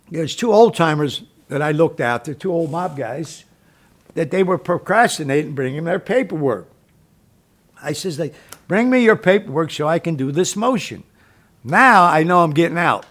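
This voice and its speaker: An older man from Philadelphia telling a story in a blunt, streetwise way, acting out the dialogue as he goes. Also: a little high. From Philadelphia, USA. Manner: streetwise, acts out dialogue in his tale, blunt with swearing. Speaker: guest storyteller. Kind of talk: casual spoken storytelling.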